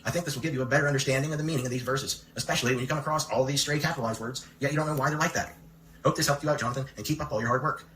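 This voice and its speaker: A man's voice: medium pitch, steady tone, rapid-fire, a bit bright, slight background noise. A man hosting a commentary video, reading out a letter and firing off pointed rhetorical questions. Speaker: commentary channel host. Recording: echoey room.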